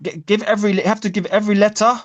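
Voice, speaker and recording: A man's voice: sits high, steady tone, rapid-fire, highs cut off. A man teaching a live online Arabic class, correcting students' pronunciation and explaining grammar.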